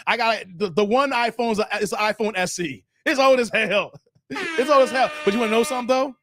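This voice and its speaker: A man's voice: high-pitched, lively intonation, fairly quick, noisy background. A man hosting a casual livestream, reading viewer comments and teasing them playfully with slang. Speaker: livestream host.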